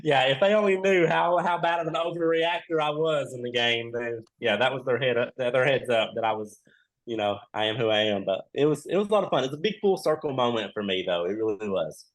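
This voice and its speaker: This podcast guest, a male reality show contestant, speaks fairly quickly in a mid-range voice. He's a lively, casual storyteller who acts out the quoted lines.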